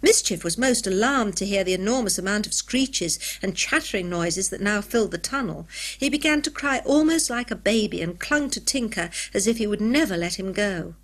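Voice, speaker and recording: Woman narrator, clear measured storybook reading, mid-pitched. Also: animated. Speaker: audiobook narrator. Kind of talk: scripted narration.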